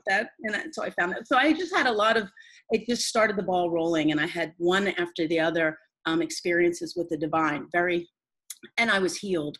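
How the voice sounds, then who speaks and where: Woman guest rambling thru a personal story, kinda husky, earnest, lots of restarts. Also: on the low side, a bit bright, low-quality recording.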